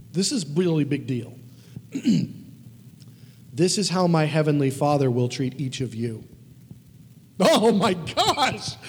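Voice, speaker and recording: A man preaching a conversational sermon, emphatic and animated, with casual asides. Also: a little high, slightly rough. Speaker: pastor. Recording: long reverb of a large hall.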